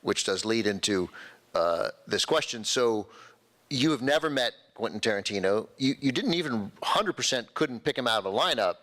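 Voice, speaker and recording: A man's voice: medium pitch, lively intonation, normal speed, fairly bright tone. A man hosting an on-stage Q&A who laughs along and chattily sets up his guest's stories. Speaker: interviewer and host. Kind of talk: on-stage Q&A interview. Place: festival stage before an audience.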